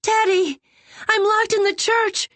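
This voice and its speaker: A desperate young girl's voice, high and shrill, begging in panic, as a woman reader puts her on. It sounds close and dry, read for an audiobook. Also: little pitch movement, measured pace, a bit bright, no echo. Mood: panicked. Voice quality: shrill, pleading. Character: terrified young girl, shrieking, desperate.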